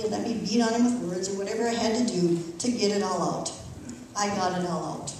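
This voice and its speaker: A woman's voice: medium pitch, a little mellow, a little hiss or hum. Middle-aged woman reading testimony in church. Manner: earnest, emotional, measured reading. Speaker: church member giving testimony. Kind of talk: reading a personal testimony aloud. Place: church sanctuary. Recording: echoey church from far off.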